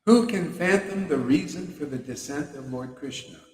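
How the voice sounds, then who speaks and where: A man's voice: mid-range voice, normal speed. Fervent man speaking in a reverberant hall. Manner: fervent and playful, laughing often. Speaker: devotional speaker. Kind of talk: devotional satsang talk.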